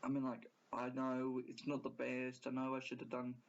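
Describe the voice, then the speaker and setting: A man's voice: medium pitch, monotone, moderate pace, vocal fry. A man giving a casual, rambling video review, often hesitating and correcting himself. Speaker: YouTube reviewer. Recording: dull lo-fi recording.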